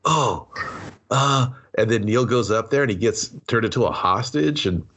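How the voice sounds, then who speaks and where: A man's voice: lowish voice, animated, fairly quick, a bit bright, a little hiss or hum. A man co-hosting a movie review podcast, laughing often and retelling scenes through quoted bits of dialogue. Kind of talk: casual movie recap chat.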